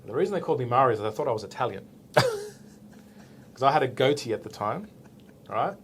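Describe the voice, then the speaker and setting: A man's voice: mid-range voice, fairly quick, slight background noise. A man in his forties with an Australian accent, a police officer being interviewed, telling a story casually and acting out the dialogue. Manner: animated, acts out the dialogue, tags with "right?".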